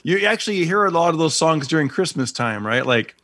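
An easygoing married man co-hosting a relaxed chat, laughing often. His voice sits a little high. It is recorded dry and close. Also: quick pace, dry recording. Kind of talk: casual chat.

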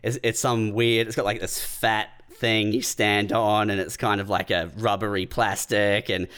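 A man with a lowish, smooth voice, telling relaxed anecdotes in a casual podcast chat. He swears casually and keeps an easygoing tone. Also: normal speed. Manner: laid-back storyteller, swears casually. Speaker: podcast co-host.

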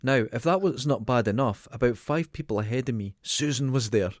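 A man's voice: medium pitch, a little fast, dry recording, studio quality. A man with a Dundee accent, a podcast co-host telling stories in casual chat, swearing freely. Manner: sweary, animated storyteller.

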